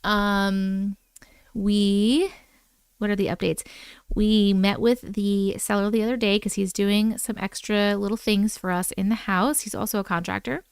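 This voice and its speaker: A woman's voice: mid-range voice, little pitch movement, measured pace, smooth, no room sound, studio quality. A woman hosting a live stream from home, chatting casually and bubbling as she reacts to viewers' comments.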